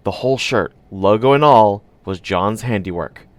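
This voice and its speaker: A man's voice: on the low side, normal speed, dry recording. Dry, wry male audiobook narrator. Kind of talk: first-person audiobook narration.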